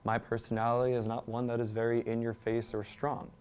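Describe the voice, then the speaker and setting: A man's voice: mid-range voice, completely flat delivery, brisk. A male speech pathologist from Long Island, speaking with careful, precise diction in an interview. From Long Island, New York.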